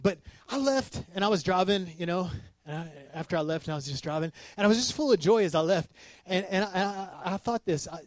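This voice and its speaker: A man preaching in a storytelling sermon, poking fun at himself and swinging into loud, excited bursts. His voice sits a little high. The sound is dry and close, with no room echo. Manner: animated, self-mocking, gets loud and excited. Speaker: pastor.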